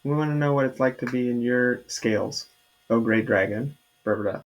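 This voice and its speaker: A man playing a tabletop game casually, speaking haltingly with many fillers. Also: mid-range voice, low-quality recording. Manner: halting, hesitant, full of fillers. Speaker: player. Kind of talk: casual tabletop role-play.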